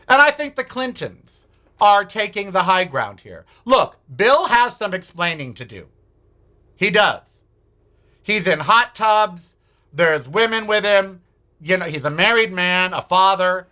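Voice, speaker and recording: A man hosting his own show, retelling a run-in in an indignant, animated way. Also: high-pitched. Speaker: podcast host. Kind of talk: casual storytelling monologue.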